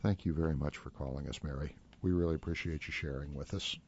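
Deep-voiced man hosting call-in radio. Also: fairly even intonation, quick pace, darkish tone, slight background noise. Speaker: radio show host. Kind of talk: call-in radio talk show. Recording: slightly dull radio broadcast sound.

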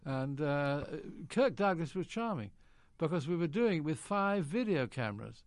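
A man's voice: a little high, big pitch swings, moderate pace, no room sound. An older British man, an actor, genially telling anecdotes in an interview and acting out quoted lines. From Britain. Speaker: actor guest.

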